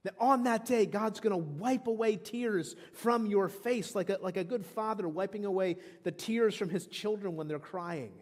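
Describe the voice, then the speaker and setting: Man in his thirties, pastor delivering an emphatic sermon; higher voice, big reverberant church hall. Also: normal speed, hardly any pauses, darkish tone. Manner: emphatic preaching with frequent restarts. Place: church sanctuary.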